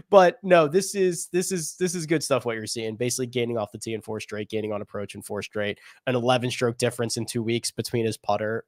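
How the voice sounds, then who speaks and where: A man chatting about golf picks on a podcast, jumping up and down in pitch as he rambles. His voice sits in the middle range and comes across dry and close, with no room sound. He talks casually and chuckles along the way. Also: quick pace, hardly any pauses, no room sound. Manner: animated, rambling, laughs while talking. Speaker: podcast co-host. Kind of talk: casual golf betting chat.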